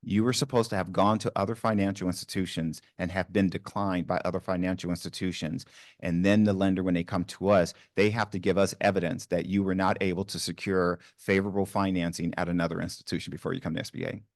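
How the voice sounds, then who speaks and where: Deep-voiced Southern man on a panel. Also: little pitch movement, quick pace, no room sound, studio quality. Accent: Southern US, New Orleans. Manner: conversational, asks the room questions, many ums and restarts. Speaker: panel speaker on small business financing. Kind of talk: informal panel talk to a live audience. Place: university event room.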